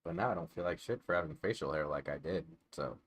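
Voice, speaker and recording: A man's voice: very deep voice, quick pace, fairly bright tone, slightly rough. A man chatting casually in a vlog at home, digressive and profane, with self-deprecating asides. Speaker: vlogger. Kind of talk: casual rambling vlog chat.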